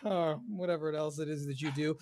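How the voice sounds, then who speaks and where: Man, game master, high voice, slow descriptive narration, hesitant pauses. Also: animated.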